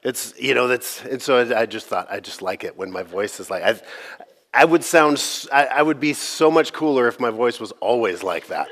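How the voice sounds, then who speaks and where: A man, a pastor, giving a sermon in a casual, joking, conversational way, his voice slightly gravelly from allergies. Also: mid-range voice, animated, normal speed, fairly bright tone.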